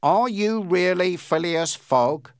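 A man's voice: sits high, takes it slowly, clean tone, dry recording, studio quality, pitched above the performer's own voice. A man voicing a stern, solemn detective. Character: stern male detective making an arrest.

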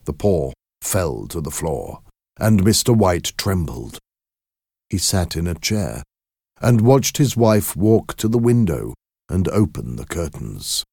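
A man with a very low voice reads a story slowly and expressively, his pitch rising and falling widely. The recording is dry and close, with no room echo. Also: vocal fry. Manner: slow, measured, expressive storytelling. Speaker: narrator. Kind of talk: scripted story narration.

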